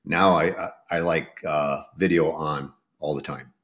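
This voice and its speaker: A man's voice: rumbling low, fairly even intonation, measured pace, fairly bright tone. A man co-hosting a podcast and talking casually about recruiting, who thinks aloud and often restarts his sentences. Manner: reflective, restarts thoughts mid-sentence. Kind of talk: casual conversational chat.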